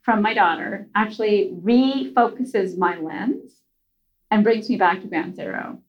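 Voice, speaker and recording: A woman's voice: mid-range voice, a little slow, highs cut off, faint music behind. Chatty woman guest telling a story. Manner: chatty, with many fillers and restarts. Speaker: podcast guest. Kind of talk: casual storytelling conversation.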